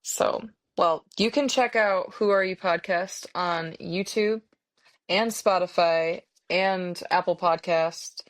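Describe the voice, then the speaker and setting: A woman's voice: on the low side, slow. An American woman hosting a podcast, chatting casually with lots of fillers like um and like. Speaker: podcast host. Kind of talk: casual conversation.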